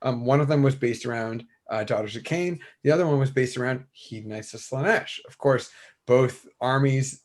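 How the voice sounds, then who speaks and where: Animated, rambling male podcast co-host. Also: medium pitch. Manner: animated, rambling, swears casually. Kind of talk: casual chat about tabletop wargaming.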